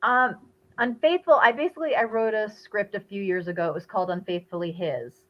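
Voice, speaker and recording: A woman's voice: mid-range voice, brisk, highs cut off. A woman guest, an actress, answering interview questions in a chatty, slightly hesitant way.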